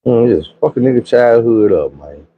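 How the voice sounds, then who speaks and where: A man from Arkansas spins a casual storytime tale full of profane slang. His pitch swoops all over the place as he acts out everyone he quotes. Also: lively intonation, normal speed, husky, phone-quality sound.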